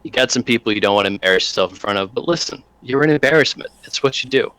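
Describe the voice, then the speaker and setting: A man's voice: mid-range voice, animated, rapid-fire, fairly bright tone, dry recording, close to an everyday voice, low-quality recording. A man voicing a menacing thuggish male gang leader who sneers and threatens.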